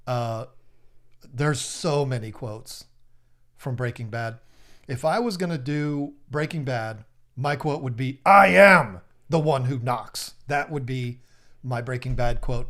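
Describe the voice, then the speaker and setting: Playful man hosting a stream. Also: mid-range voice. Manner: playful, teasing, lists guesses rapidly. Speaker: livestream host. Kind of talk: casual live-stream chat.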